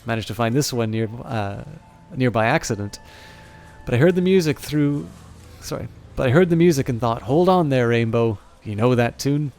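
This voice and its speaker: A man's voice: medium pitch, expressive, moderate pace, a little mellow, close to an everyday voice. A man voicing a brash, wry former ranger turned mercenary, blunt and folksy, in a near-everyday voice.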